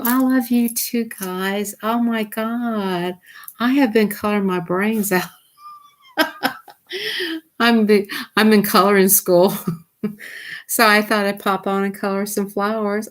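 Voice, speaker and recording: A woman, hosting a casual livestream from home at night on a desktop computer mic. She chats excitably with her viewers and laughs often. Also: medium pitch, unhurried. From Southern United States. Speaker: livestream host.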